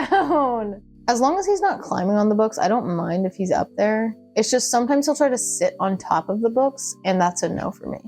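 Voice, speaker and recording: A young woman talking casually as a book vlogger, chatty and gushing, with quick asides. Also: mid-range voice, dark tone. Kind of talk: casual chat.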